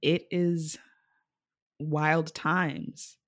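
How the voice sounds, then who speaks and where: Host, mid-pitched, dry close sound, affirming and casual. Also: flat delivery, extremely slow, fairly bright tone, no room sound. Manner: affirming, loose, casual swearing. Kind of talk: casual supportive conversation.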